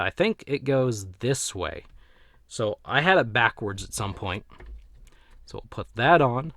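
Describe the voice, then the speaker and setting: A man's voice: medium pitch, a bit bright, no echo. A man giving a casual, rambling action figure review, often correcting himself as he talks into his desk camera. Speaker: toy reviewer.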